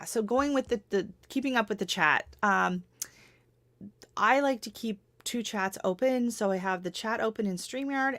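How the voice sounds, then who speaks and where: A middle-aged woman hosts a relaxed livestream and gives advice off the cuff. She rambles, laughs often and corrects herself mid-sentence. Her pitch sits in the middle of the usual range. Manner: rambling, chatty, frequent laughs and self-corrections. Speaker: livestream host. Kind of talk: casual livestream advice chat.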